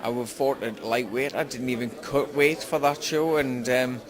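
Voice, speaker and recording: A young man with a Geordie accent from Newcastle, speaking slowly and carefully in an interview. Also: medium pitch, fairly even intonation. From Newcastle, England. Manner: slow, careful speech, tries to sound articulate. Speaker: fighter. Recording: crowd noise behind.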